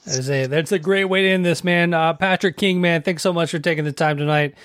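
A man's voice: on the high side, a little fast, a bit bright, clean tone, no echo. A man hosting an interview, asking questions in a loose, hesitant way with lots of fillers. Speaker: podcast host. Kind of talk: casual interview.

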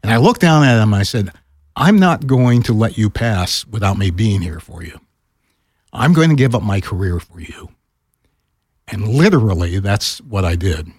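Older man, retired broadcaster. Lively storyteller with a slightly raspy voice, recorded dry. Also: normal speed, dry recording. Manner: animated, acts out quoted voices with pitch jumps. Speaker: podcast guest, retired radio broadcaster. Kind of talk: casual storytelling.

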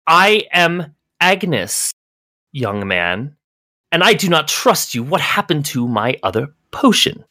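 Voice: medium pitch, very animated, slow pace, bright, forceful tone, voice pushed up, full character voice. Agnes, a game master playing a wary old alchemist woman. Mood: indignant. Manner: dithering, suspicious, formal. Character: elderly wary sharp-tongued woman alchemist.

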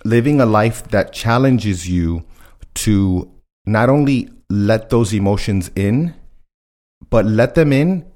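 A man co-hosting a podcast, talking earnestly, quick to laugh and acting out his own inner voice. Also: on the low side, expressive, a little mellow. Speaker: podcast co-host. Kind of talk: casual chat.

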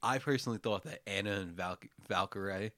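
A young man on a casual podcast talks bluntly and swears freely. His voice is lowish with a sharp, bright edge. The sound is dry and close. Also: a little fast, no echo. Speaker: podcast co-host. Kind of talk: casual chat.

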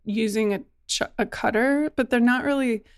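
A woman talking casually, animated and full of "like", acting out what she said to others. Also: normal speed, smooth, no room sound, studio quality. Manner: animated, acts out quoted exchanges in a higher voice, frequent "like". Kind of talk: casual conversation.

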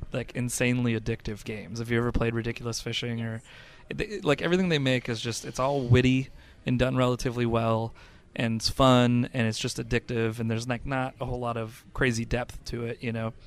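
A man's voice: medium pitch, steady tone, a little fast, hardly any pauses, clear, resonant tone. A man co-hosting a casual podcast chat about games, rambling with lots of fillers and restarts. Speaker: podcast co-host.

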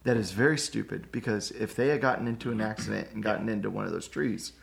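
A man co-hosting a church podcast, chatting casually and telling animated stories. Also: on the low side, fast, vocal fry. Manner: animated storyteller. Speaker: podcast co-host. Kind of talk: casual chat.

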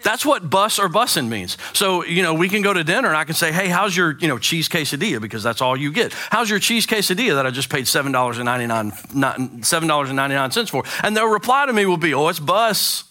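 A man in his forties, a pastor giving a sermon with animated, joking storytelling. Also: a little high, fast talker, few pauses. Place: church sanctuary.

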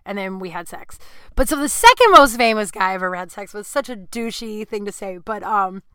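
A woman's voice: medium pitch, animated, fairly quick, pushed and bright, clear, resonant tone, dry recording. A woman hosting a podcast, telling candid, crude stories in a rambling way full of "like" and self-mocking asides. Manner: rambling, frank, heavy on "like". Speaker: podcast host. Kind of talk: candid storytelling chat.

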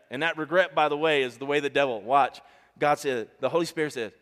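A male pastor preaching a sermon to a congregation, animated and emphatic, calling out to the people. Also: a little high, brisk, long reverb tail. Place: church stage before a congregation.

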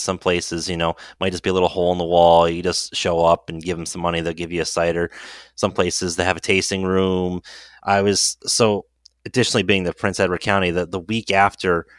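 A man who is a guest on an interview show, explaining things in a relaxed, casual way. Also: deep voice, a little fast, no echo, studio quality.

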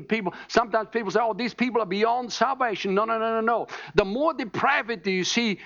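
A high-pitched man delivers a sermon, teaching with emphasis and pausing to check in with his listeners. The recording sounds dull and muffled. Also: fairly bright tone. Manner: emphatic, teaching, asks "All right?" often. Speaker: preacher.

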